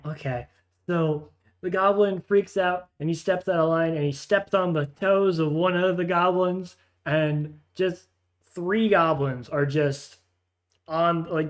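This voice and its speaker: A man running a tabletop game as game master, narrating the scene in a rambling, amused way. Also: on the high side. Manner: rambling, amused, counts aloud while placing tokens.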